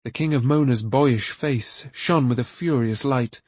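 A man narrating a fantasy novel aloud in a steady, even storytelling manner. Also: medium pitch, a little slow, breathy edge, no room sound. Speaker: audiobook narrator. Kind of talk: scripted narration.

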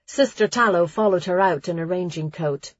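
A woman narrating an audiobook in a steady storytelling reading. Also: fairly low pitch, normal speed, breathy edge, no echo. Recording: dry, slightly dull lo-fi sound.

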